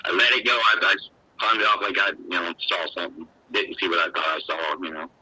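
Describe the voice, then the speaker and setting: A man's voice: deep voice, fairly even intonation, a little fast, bright, forceful tone, husky, no room sound, low-quality recording. An older man telling a long personal story in a rambling, emotional, folksy way, full of "you know". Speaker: guest.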